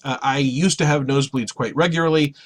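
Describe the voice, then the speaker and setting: A man telling a comic story about his own life in an animated, wry way. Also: mid-range voice, fairly quick, slightly rough. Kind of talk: comic personal anecdote.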